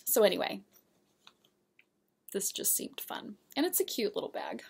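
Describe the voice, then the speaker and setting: A woman hosts a knitting show in a casual show-and-tell chat, her voice sitting at an ordinary pitch with a steady thread of vocal fry. She rambles from one project to the next, chatty and quick to laugh. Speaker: knitting podcast host.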